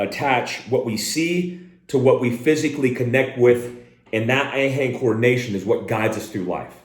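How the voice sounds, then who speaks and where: A man leads a shooting lesson as a firearms instructor, talking in a direct, plain-spoken way and calling out short, sharp drill commands. His voice sits at an ordinary middle pitch. He is recorded indoors, and the room adds a noticeable echo. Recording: roomy echo.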